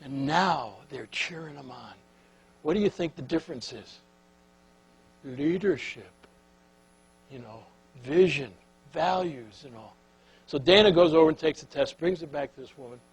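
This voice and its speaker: A man's voice: fairly high pitch, expressive, measured pace, pauses often, slight background noise, rough recording. A man giving a speech and telling a folksy anecdote, with questions tossed to the audience. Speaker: keynote speaker. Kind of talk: storytelling speech.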